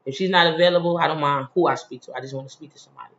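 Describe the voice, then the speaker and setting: A man's voice: on the high side, racing. A man telling a personal story in a casual, heated, slang-filled monologue, retelling a frustrating day. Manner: animated, heated, slangy retelling with frequent "you feel me". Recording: roomy, slightly dull recording.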